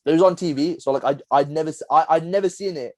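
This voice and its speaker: A young man, co-hosting a casual podcast chat, rambling through animated stories with lots of laughter. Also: a little high, fast, dry recording. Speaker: podcast co-host.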